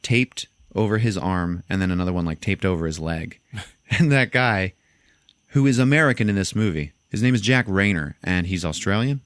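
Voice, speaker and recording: Deep-voiced man retelling a film. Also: lively intonation, normal speed, clean tone, dry recording, studio quality. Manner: laughing storyteller, acts out lines. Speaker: podcast host. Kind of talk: casual film recap.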